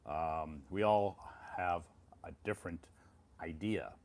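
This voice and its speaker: An American man in middle age hosts a casual English-learning live stream, talking in a relaxed, encouraging way, repeating phrases and answering viewers' comments. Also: sits low, slow pace. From United States.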